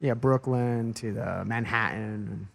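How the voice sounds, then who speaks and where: A man hosting a casual podcast interview, talking in a relaxed, halting way with frequent restarts. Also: fairly low pitch, creaky. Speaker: podcast host.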